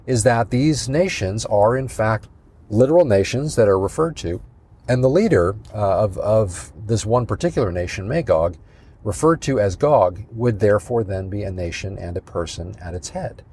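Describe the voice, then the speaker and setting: A man teaching a Bible prophecy study as a pastor, measured and thinking aloud with many fillers and restarts. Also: lowish voice, expressive, darkish tone, slightly rough.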